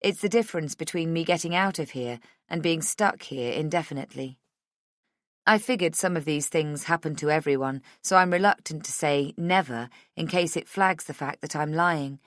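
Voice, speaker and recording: A woman narrating a first-person thriller audiobook in a measured, intimate reading. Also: low voice, fairly bright tone, dry recording, studio quality.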